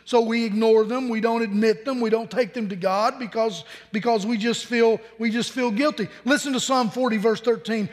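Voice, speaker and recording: A very high-pitched man preaches in a plain, conversational way, circling back on his words as he builds each point. His voice rings out with a long hall reverb from a large worship space. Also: steady tone, normal speed, hardly any pauses. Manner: earnest, conversational preaching with frequent repeated words. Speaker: pastor. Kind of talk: sermon.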